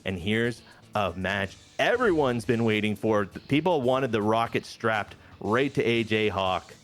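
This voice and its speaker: A man casually narrating a multiplayer wrestling management game session, animated and quick to act out the wrestlers' lines. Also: fairly low pitch, faint music behind. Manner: animated storyteller, briefly acting out wrestlers' lines. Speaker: game show host narrating a wrestling sim.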